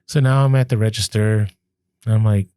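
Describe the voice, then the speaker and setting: A man co-hosting a podcast, telling a story in casual chat, animated, laughing as he goes and acting out what people said. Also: fairly low pitch, brisk, clean tone, no echo, studio quality. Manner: animated, laughs through stories, acts out quoted lines. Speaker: podcast co-host.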